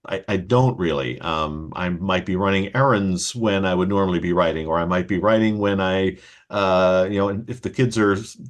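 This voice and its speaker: A man's voice: low voice, moderate pace. A man hosting a casual conversation, explaining patiently and giving spoken examples. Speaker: host and children's author.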